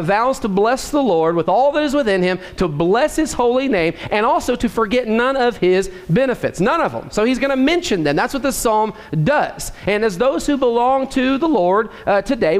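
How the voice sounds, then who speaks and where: A man preaching a sermon in a folksy, storytelling way, often checking in with the congregation. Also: sits high. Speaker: pastor. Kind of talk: sermon with a joke opener. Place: church.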